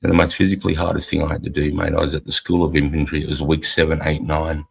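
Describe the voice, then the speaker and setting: A middle-aged Australian army veteran hosting a live stream, telling a war story in a blunt, profane, casual way. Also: male voice, very deep voice, level tone, quick pace, gravelly, a little hiss or hum, rough recording.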